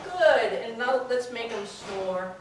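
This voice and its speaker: A woman puppeteer coaxes children through a puppet activity in a high, lively voice, playful and quick to laugh. She sounds distant from the mic in a very echoey exhibit room, with steady background noise. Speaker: puppeteer leading a children's workshop.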